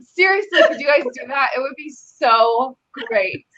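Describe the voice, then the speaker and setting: A woman's voice: high-pitched, lively intonation, unhurried, pushed and bright, dull audio. A woman guest on an online chat, talking in a brash, profane, rambling way full of likes. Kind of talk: casual chat.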